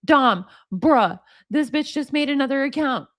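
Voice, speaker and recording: A woman's voice: sits high, expressive, a little slow. A woman in her forties, commentating casually as host, reading text messages aloud and reacting bluntly with plenty of laughter and swearing. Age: 40s.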